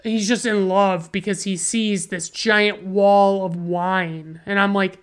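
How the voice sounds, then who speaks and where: A woman's voice: medium pitch, fairly even intonation, slow, smooth. A woman casually reviewing a movie, sarcastic and profane, often restarting her sentences.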